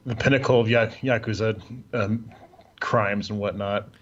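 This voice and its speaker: A man's voice: on the low side, steady tone, moderate pace, fairly bright tone. A man chatting casually on a podcast in a loose, rambling way, swearing freely. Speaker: podcast co-host. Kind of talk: casual chat. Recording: muffled lo-fi audio.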